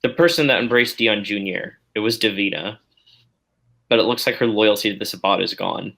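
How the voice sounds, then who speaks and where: Gravelly low-voiced calm male player. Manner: calm, measured, terse. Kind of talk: in-character role-play.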